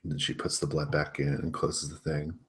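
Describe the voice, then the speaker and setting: A man with an extremely low voice narrates a tabletop game as game master. He talks casually, rambles, and laughs often. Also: little pitch movement, brisk.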